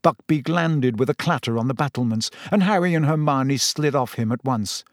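Man, audiobook narrator, measured storytelling, mid-range voice, dry close mic. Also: mid-range voice, no room sound. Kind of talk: scripted narration.

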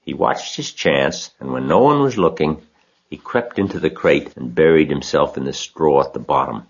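A man narrating a storybook audiobook in a steady, expressive reading. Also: rumbling low, normal speed, slightly rough, lo-fi sound.

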